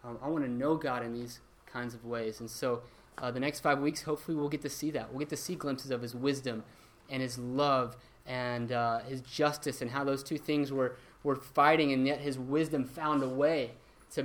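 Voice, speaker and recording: A man's voice: medium pitch, a bit bright. A young man teaching a church Bible class in a conversational way, with many ums and restarts.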